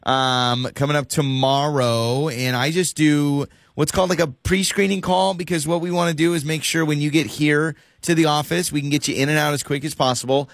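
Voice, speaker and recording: A man's voice: fairly high pitch, fairly even intonation, moderate pace, hardly any pauses, no echo. A man who is a radio host, posing as a dental office caller in a prank phone call, stammering, dodging questions and repeating himself.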